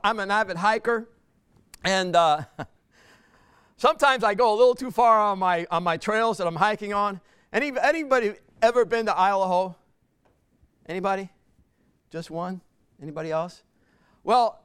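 A man's voice: high voice, fairly bright tone, clear, resonant tone, dry recording. A man telling a personal story to a live audience in a chatty way, repeating words, laughing and asking the crowd questions.

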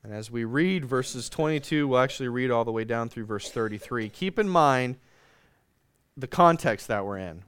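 A male pastor delivers a sermon in a smooth, resonant voice of middle pitch. He reads scripture aloud and prays earnestly. The recording is close and dry. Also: dry recording. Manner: earnest preaching, slows and drops soft in prayer; reads scripture aloud in old-fashioned wording. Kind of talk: sermon with scripture reading and prayer.

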